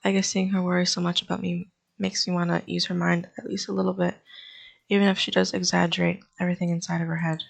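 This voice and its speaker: A woman's voice: fairly low pitch, level tone, quick pace, vocal fry. A woman hosting a gaming channel, reading a visual novel's narration aloud with dry, wry asides.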